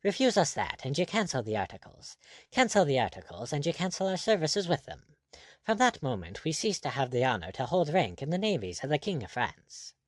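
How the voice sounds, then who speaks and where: A man's voice: fairly high pitch, sing-song, a little fast, dry recording, pitched above the performer's own voice. A man reading the part of a cool, insolent buccaneer captain with an ironic manner.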